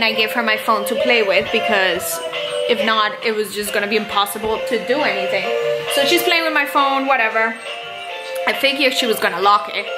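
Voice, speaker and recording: A young woman vlogging to camera, telling a story casually and with animated emphasis. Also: fairly high pitch, echoey room. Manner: animated, emphatic retelling with quoted inner panic. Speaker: mom vlogger.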